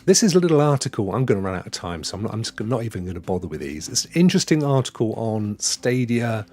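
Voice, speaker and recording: A middle-aged British man chatting casually as a live stream host, excitable and reading viewer comments aloud. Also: fairly low pitch, fast. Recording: faint background music.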